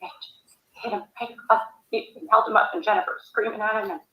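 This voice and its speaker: A woman recalling family events in a recorded interview, speaking haltingly. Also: fairly high pitch, lively intonation, highs cut off. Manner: halting, hesitant recollection. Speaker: interviewee, sister of the subject. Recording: echoey room.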